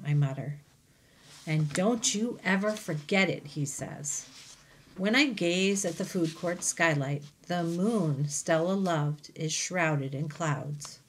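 A woman teacher reading a children's novel aloud to her class, with gentle, chatty asides between passages. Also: low voice, a little slow. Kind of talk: storybook read-aloud.

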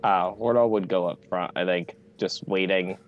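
A man's voice: low-pitched, fairly even intonation, moderate pace, muffled recording, slight background noise. A man playing a tabletop game, talking in a loose, offhand way. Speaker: player. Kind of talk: casual chat.

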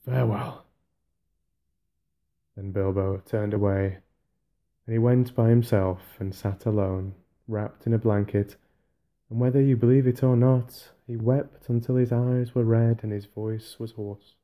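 Very mellow, calm male audiobook reader. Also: on the low side, measured pace. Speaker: audiobook narrator. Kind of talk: soft audiobook reading for sleep.

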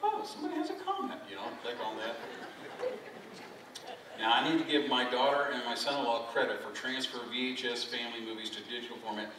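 A man's voice: medium pitch, fairly even intonation, fairly quick. A middle-aged man, a pastor giving a folksy, self-deprecating sermon and joking with his congregation. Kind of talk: conversational sermon. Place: church sanctuary. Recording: very echoey hall, mic from far off, background noise.

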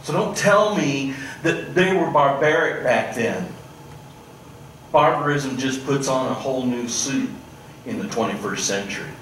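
A male pastor preaching a sermon, swinging between loud, animated stretches and hushed, pointed asides. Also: medium pitch, unhurried, a little hiss or hum. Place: church sanctuary. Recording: echoey church room, mic at a distance.

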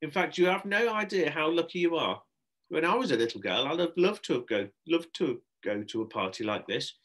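A man's voice: lively intonation, fairly quick. A man reading aloud, voicing a cheerful, bossy woman astronaut who hosts a children's party. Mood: enthusiastic. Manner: bright, bossy teacherly voice, pitched up. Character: cheerful pink-haired woman astronaut party host, enthusiastic.

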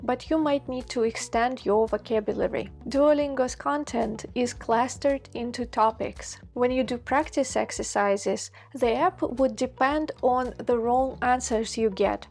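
Young woman, Russian accent, fairly high voice, clear measured delivery as a language teacher. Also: darkish tone, faint music behind. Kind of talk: scripted video lesson.

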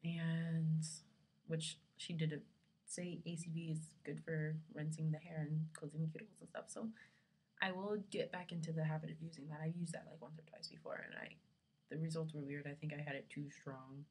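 A woman's voice: deep voice, flat delivery, normal speed, a little mellow, breathy edge. A young woman vlogging casually from her dorm room, rambling along with lots of fillers, her camera resting on her lap. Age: young adult.

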